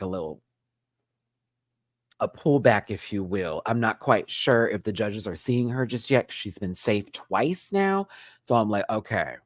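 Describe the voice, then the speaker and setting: A man hosting a live recap stream, talking in a sassy, campy way with big swoops in pitch. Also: no echo, clean studio sound.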